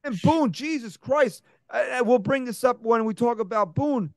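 Fired-up high-voiced sports podcast man. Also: normal speed, no echo. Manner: profane, ranting, gets loud and heated. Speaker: podcast host. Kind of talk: casual sports talk.

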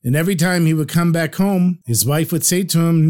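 A man's voice: on the high side, brisk, hardly any pauses. Man telling a heartfelt folk tale. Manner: warm, heartfelt storytelling, lively voices for characters. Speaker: podcast host and storyteller. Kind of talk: storytelling narration.

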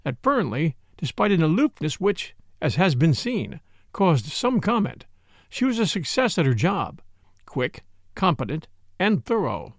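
Brief: male audiobook narrator, gravelly texture, measured. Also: a little high, very animated, no room sound, studio quality. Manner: measured storytelling.

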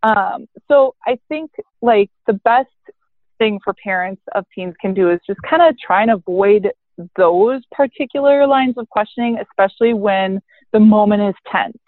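A woman's voice: mid-range voice, moderate pace, no room sound. A woman therapist in her thirties talks candidly and with animation in a casual interview. Her voice comes through a narrow, tinny phone-like line. The sound is dry and close. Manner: candid and animated, swears casually, acts out parent and teen quotes. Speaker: therapist guest.

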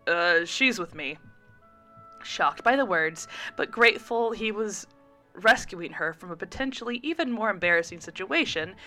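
A woman reading a chapter of a story aloud, with expressive emphasis in the narration. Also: medium pitch. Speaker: guest reader. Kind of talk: audiobook-style story reading.

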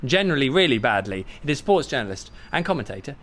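A man hosting a casual football podcast from a café, jovial and quick to laugh. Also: mid-range voice, sing-song, fairly bright tone. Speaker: podcast host.

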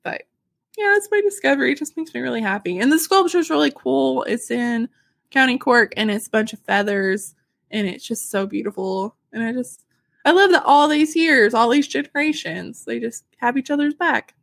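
A woman's voice: high-pitched, moderate pace, vocal fry, dry recording, clean studio sound. A woman co-hosting a podcast in casual chat, reading out a news story and getting emotional and giggly about it. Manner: warm, emotional and giggly, tears up easily. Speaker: podcast co-host.

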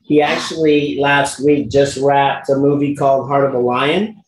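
A man's voice: mid-range voice, steady tone, measured pace, roomy sound, poor audio. A man guesting in a casual chat, talking animatedly and laughing often. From England. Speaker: guest actor.

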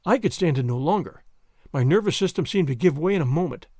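A man reading a story aloud as narrator, expressive and dramatic. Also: fairly high pitch, quick pace, no room sound, clean studio sound. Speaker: audiobook reader.

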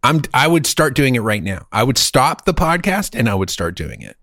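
A podcast host chats casually from a home studio, joking, self-deprecating, and drawling a mock artist catchphrase. His medium-pitched voice is sing-song and fairly bright at normal speed, with no room sound.

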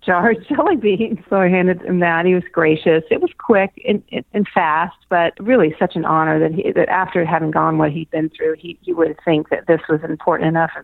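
An older woman talks over a thin, tinny phone line, her voice sitting fairly low for a woman. She tells stories in a chatty, casual way, laughing often and restarting her sentences. The sound is close and dry, with no room around it. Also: brisk, gravelly, hardly any pauses, no room sound. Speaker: interview guest, former pageant winner. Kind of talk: casual storytelling interview.

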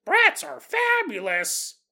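A man squeaking out a perky talking toy doll. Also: huge pitch swings, vocal fry, sharp tone, full character voice. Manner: sing-song catchphrase delivery, slow and high.

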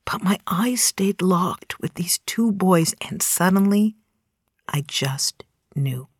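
Low-voiced woman telling a story. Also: lively intonation, breathy edge, no room sound, clean studio sound. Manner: measured, dropping to a hushed near-whisper at tense moments. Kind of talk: personal storytelling monologue.

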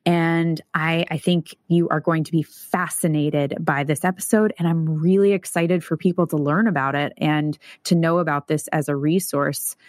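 A woman with a fairly low voice hosts a podcast interview, chatty and enthusiastic as she talks with her guest. The sound is dry and close, with no room around it. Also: fairly even intonation, moderate pace, hardly any pauses, no echo. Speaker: podcast host.

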